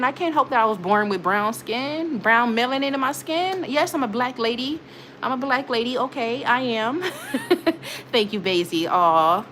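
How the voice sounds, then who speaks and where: Excitable woman hosting a chatty livestream. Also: fairly high pitch, a little slow, a little hiss or hum. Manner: animated, emotional, laughing often, repeats herself. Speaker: livestream host. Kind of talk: casual live chat reading viewer comments.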